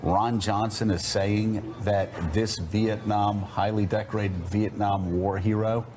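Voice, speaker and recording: A man hosting a morning news show, laying out an argument in a measured, pointed way. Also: fairly low pitch, flat delivery, a little mellow, a little hiss or hum. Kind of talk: television news commentary.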